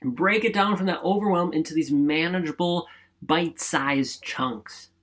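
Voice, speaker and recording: A man's voice: fairly high pitch, moderate pace, fairly bright tone. A man hosting a podcast alone, giving an upbeat motivational talk in a chatty, emphatic way and often asking "right?". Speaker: podcast host. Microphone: studio microphone.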